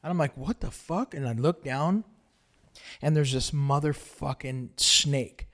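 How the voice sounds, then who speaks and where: A man hosting a podcast, telling a story in a casual chat, animated and swearing constantly as he acts it out. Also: mid-range voice, a little slow. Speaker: podcast host.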